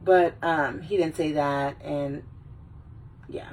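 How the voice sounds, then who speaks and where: A woman vlogger chatting casually while a little drunk, rambling, swearing freely and slipping into quick silly voices. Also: deep voice, fairly even intonation, darkish tone, far from the mic, a little hiss or hum, rough recording. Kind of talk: casual tipsy chat.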